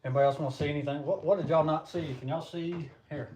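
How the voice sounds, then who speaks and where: A fast-talking young man with a fairly high, steady voice and a Southern American accent runs a casual live chat on stream, folksy and chatty, addressing viewers as y'all. Background noise is audible over his computer or phone mic.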